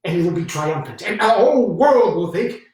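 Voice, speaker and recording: A man's voice: high-pitched, lively intonation, normal speed, darkish tone. A deferential young newsman hedges and stumbles, always adding "sir", as a man puts him on. He is heard from a distance on a live stage, with a large, echoing room around him. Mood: eager. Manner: hesitant, deferential, fond of saying "sir". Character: eager American newsman, young man, scheming. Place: theater stage. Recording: echoey stage from far off.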